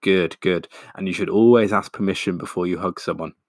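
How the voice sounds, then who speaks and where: A man's voice: deep voice, steady tone, brisk, no echo, studio quality. A man voicing an eager, overly earnest middle-aged dad who talks in an effusive, apologetic way.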